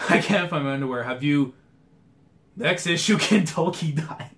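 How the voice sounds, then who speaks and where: A man's voice: on the high side, measured pace, fairly bright tone. A young man reading a manga aloud for a live reaction video, breaking off into slangy asides. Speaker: anime and manga reaction youtuber.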